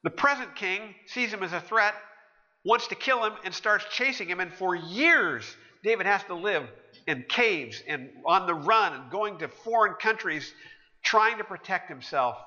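A man's voice: sits high, measured pace. A man preaching a sermon, telling stories with animation and acting out the voices of the people in them. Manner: animated storytelling, acting out quoted characters. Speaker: pastor. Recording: muffled, with long hall reverb.

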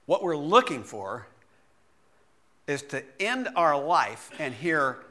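A middle-aged man, a pastor, preaching a sermon and telling a personal story in a lively way, laughing often. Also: fairly high pitch, takes it slowly.

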